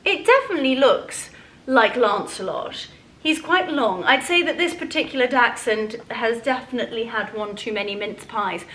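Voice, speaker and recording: A woman's voice: a little high, animated, normal speed, fairly bright tone, low-quality recording. A woman chatting casually and gushing as she unboxes things at home. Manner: gushing, effusive. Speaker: vlogger.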